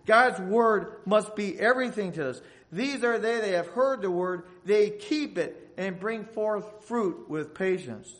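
A man's voice: high voice, lively intonation, a little slow, few pauses, fairly bright tone. A man preaching a sermon, reading Bible passages aloud and asking the congregation for an amen. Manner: reads scripture aloud in old-fashioned phrasing.

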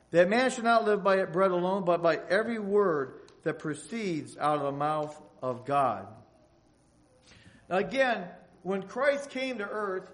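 A man preaching a sermon, reading Bible passages aloud and asking the congregation for an amen. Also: high-pitched. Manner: reads scripture aloud in old-fashioned phrasing.

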